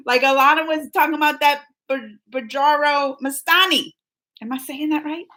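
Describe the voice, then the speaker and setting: A woman hosting a live movie chat, talking in a rambling, animated way with lots of fillers and laughs. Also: sits high, normal speed. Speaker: host of a movie reaction livestream. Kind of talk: casual livestream chat.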